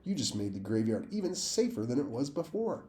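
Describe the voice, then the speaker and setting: A man reading the lines of a calm, protective teenage boy in a reassuring tone. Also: mid-range voice, fairly quick, pitched above the performer's own voice, lightly acted.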